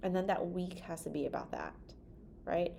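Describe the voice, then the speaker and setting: A woman's voice: on the low side, normal speed, creaky, mellow, a little hiss or hum. A woman in her forties hosting a talk to camera from her desk, chatty and rambling, often tagging on "right?". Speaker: podcast host and hand therapist. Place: home office at a desk.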